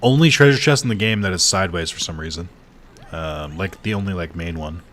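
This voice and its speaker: A man with a low voice streams a video game and talks through it in a loose, chatty way. He swears freely and answers his viewers as he plays. Faint noise hums under his voice. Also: a little fast, a bit bright. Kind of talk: casual gameplay commentary.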